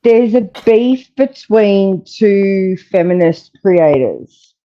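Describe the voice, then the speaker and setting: A woman's voice: mid-range voice, expressive, takes it slowly, muffled recording. A woman co-hosting a livestream, giving brief, dry reactions in casual chat.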